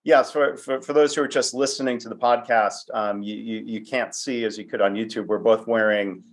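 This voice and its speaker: A man's voice: fairly low pitch, steady tone, normal speed. A man hosting an interview podcast, chatty and self-deprecating, with frequent fillers. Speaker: podcast host. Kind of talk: conversational interview.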